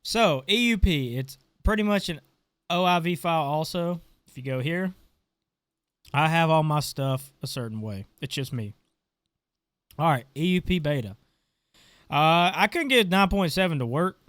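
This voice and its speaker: A man walks through his game settings in a casual, offhand way, thinking aloud as he clicks around. His voice sits a little high for a man and sounds smooth and clear despite a stuffy nose. The recording is dry and close, with no room sound. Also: expressive, moderate pace, long pauses, fairly bright tone, no echo. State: stuffy, congested. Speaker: gaming channel host. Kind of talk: casual screen-recorded tutorial.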